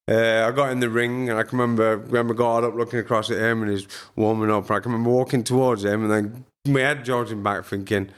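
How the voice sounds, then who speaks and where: A former boxer chatting as a podcast guest, telling crude, funny stories and laughing as he goes. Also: medium pitch. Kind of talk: casual storytelling chat.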